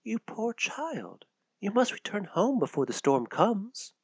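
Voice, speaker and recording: A mysterious hooded woman of the forest, as a male storyteller puts her on, gentle and protective, speaking in a light, lilting, near-whispered hush. Her voice stays soft and quiet, with a raised, lively lift to the pitch. It is a dry, close storybook reading with no room sound. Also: moderate pace, no room sound, muffled recording. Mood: soothing.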